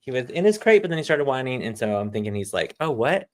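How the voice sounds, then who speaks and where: A man's voice: mid-range voice, very animated, quick pace. A man who directs a theater, chatting casually in an interview and rambling through a list of his tasks. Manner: rambling, lists things off.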